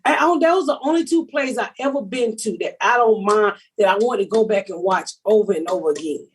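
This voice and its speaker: Brash, husky-voiced woman comic host. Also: medium pitch, brisk. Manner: brash, profane storytelling. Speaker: podcast host. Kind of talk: casual comedic chat.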